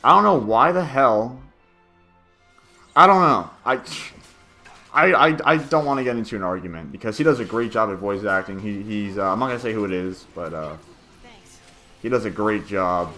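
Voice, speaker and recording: Male gameplay commentator, bright and punchy delivery, rambling and casual with swearing. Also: fairly low pitch, moderate pace, pauses often, faint music behind. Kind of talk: casual game walkthrough commentary.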